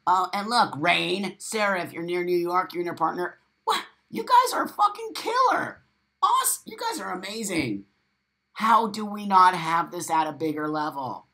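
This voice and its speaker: Reacting to viewer comments he reads out on his live morning stream, this male host gets emphatic, profane and repetitive. He's animated, bursting into sudden loud exclamations, and his higher voice carries vocal fry.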